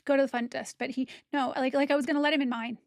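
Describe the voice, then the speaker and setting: A woman's voice: high voice, fairly even intonation, racing, no room sound, studio quality. A woman content creator giving a personal testimony straight to camera, blunt, heated and profane.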